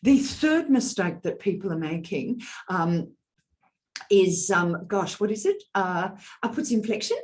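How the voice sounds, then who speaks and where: A woman executive coach answering interview questions on a video call, talking in an animated, demonstrative way about voice and leadership. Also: medium pitch, normal speed. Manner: animated, demonstrative, explains with vocal examples. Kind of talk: virtual summit interview.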